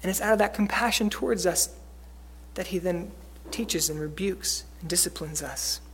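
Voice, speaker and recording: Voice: mid-range voice, moderate pace, a bit bright, a little hiss or hum. A preacher giving a sermon in a conversational way, using many fillers and acting out quoted lines.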